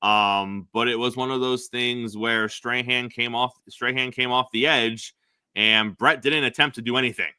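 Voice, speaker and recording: A man's voice: medium pitch, steady tone, moderate pace, pushed and bright, smooth, no echo. A man co-hosting a sports podcast, chatting casually with many fillers and frequent laughs.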